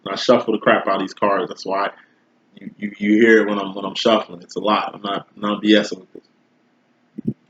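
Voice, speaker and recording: A man with a fairly low voice reads tarot cards in a loose, slangy, swearing, conversational way. His voice sounds roomy and dull, like a lo-fi home recording. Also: level tone, brisk, fairly bright tone, a little hiss or hum. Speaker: tarot reader. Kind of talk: casual tarot reading.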